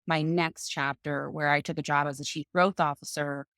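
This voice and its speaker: A woman guest on a podcast, telling her own story in an animated conversational way. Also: deep voice, normal speed, no room sound, clean studio sound. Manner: animated, acts out other people's voices in quotes.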